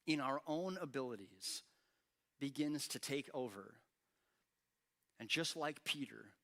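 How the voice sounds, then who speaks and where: A man preaching a sermon as pastor, animated and acting out quoted lines with rising intensity. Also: mid-range voice. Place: church.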